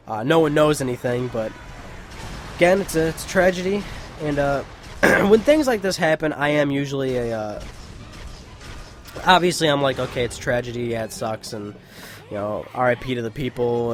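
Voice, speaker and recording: A man's voice: mid-range voice, a little hiss or hum. Young male let's-play host, rambling, profane and casual, with frequent restarts. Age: young adult. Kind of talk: casual gameplay commentary.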